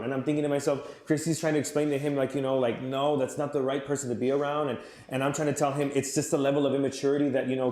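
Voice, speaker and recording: Young man, youth pastor, quick conversational preaching, warm dark voice, roomy hall sound. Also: medium pitch. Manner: earnest, repetitive, conversational with many fillers. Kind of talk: youth sermon.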